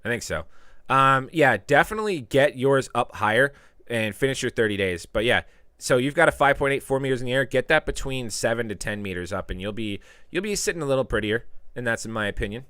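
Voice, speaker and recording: A man chats casually on a live stream, reading out viewer comments and giving tips. His voice is bright and clear, and it swings widely up and down in pitch. He breaks into loud, playful outbursts. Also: lively intonation, brisk, no echo, clean studio sound. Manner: reads viewer comments aloud and gives tips. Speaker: live stream host answering chat.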